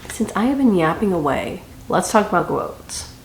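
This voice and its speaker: Young woman rambling about a book she read, kinda low voice, echoey room w faint hum. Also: big pitch swings, moderate pace. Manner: chatty, rambling, dramatic reactions. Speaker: book reviewer. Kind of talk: casual book review vlog.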